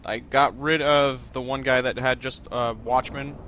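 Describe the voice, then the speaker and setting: A man's voice: medium pitch, fairly even intonation, measured pace, a bit bright, a little hiss or hum. A man hosting a let's-play video, talking casually and rambling through his plans in a self-deprecating way. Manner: chatty, rambling and self-deprecating, with frequent fillers. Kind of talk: casual gameplay commentary.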